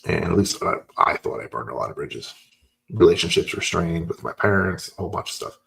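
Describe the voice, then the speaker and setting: Male host, low gravelly voice, animated personal storyteller. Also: a little fast, a crowd in the background. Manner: animated storyteller acting out dialogue. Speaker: podcast host. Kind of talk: personal story told casually.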